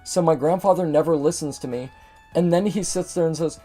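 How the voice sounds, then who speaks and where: Brief: young male gaming host, mid-high voice, mellow timbre, venting his frustration with lots of swearing. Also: quick pace, soft background music. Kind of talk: ranting commentary over gameplay.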